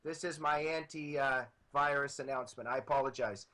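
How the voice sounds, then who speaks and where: A man's voice: mid-range voice, steady tone, fairly quick, pushed and bright, rough recording. A man in a political interview, talking emphatically and building to passionate declarations, heard over a computer mic on an internet call. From Soviet Union. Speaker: author.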